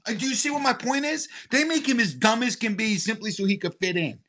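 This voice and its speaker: A man's voice: high-pitched, a little fast, pushed and bright. A man ranting heatedly in a casual chat, often repeating his words. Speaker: co-host.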